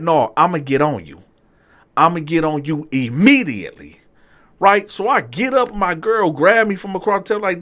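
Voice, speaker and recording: A man casually telling his own story to viewers in slangy talk, swinging from low asides to loud outbursts. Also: very animated, moderate pace.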